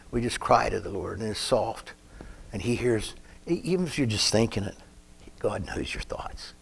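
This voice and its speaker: Folksy low-voiced man preaching a sermon. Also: husky. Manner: folksy, rambling storyteller who breaks off to comment on himself.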